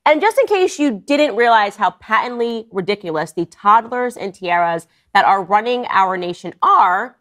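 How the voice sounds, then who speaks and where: A woman political commentator talking in an animated, mocking tone. Her voice sits at a middle pitch, and she keeps a sarcastic edge as she delivers her opinions. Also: normal speed, few pauses.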